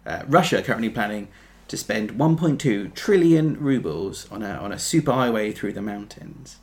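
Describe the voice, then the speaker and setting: A man preaching a sermon, earnest, building to emphatic peaks and then dropping soft. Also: fairly low pitch, lively intonation, moderate pace.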